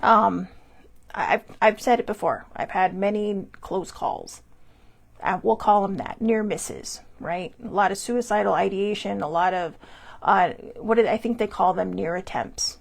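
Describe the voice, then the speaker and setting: A woman's voice: mid-range voice, a little slow, gravelly. A woman hosting a personal mental health talk, speaking in a candid, confessional way. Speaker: host.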